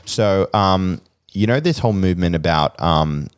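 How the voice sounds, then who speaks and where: Young Australian man, podcast co-host, blunt and opinionated, lowish voice. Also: moderate pace, clear, resonant tone. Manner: blunt, animated, mimics voices in anecdotes. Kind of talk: casual opinion chat.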